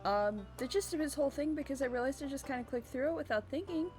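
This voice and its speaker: A woman's voice: high voice, animated, fast talker, darkish tone, soft background music. A woman chatting casually and rambling while playing a farming game. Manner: rambling, lots of fillers and restarts. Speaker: gamer.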